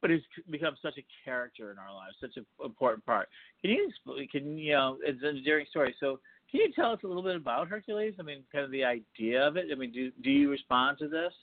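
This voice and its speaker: Male podcast host, rambling and halting, lively pitch, tinny phone-like sound. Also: no echo. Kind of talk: casual interview.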